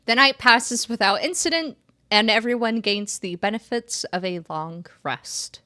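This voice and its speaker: Slow, bright-voiced woman game master. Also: fairly high pitch, no room sound, studio quality. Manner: hesitant, many fillers. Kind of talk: narrating a tabletop game.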